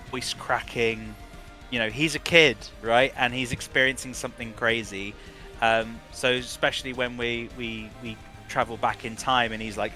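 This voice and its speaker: A male voice director speaking in an interview, his tone bright and forceful. He gives long, winding answers and often restarts his sentences. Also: mid-range voice.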